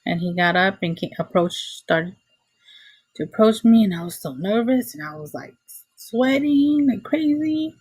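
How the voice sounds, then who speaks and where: A woman with a low, breathy, husky voice recounts a personal story in a casual, animated way, often exclaiming as she acts out her own reactions. The sound is dry and close, as if spoken straight into a computer microphone. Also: moderate pace, no echo. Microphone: computer mic, screen recording.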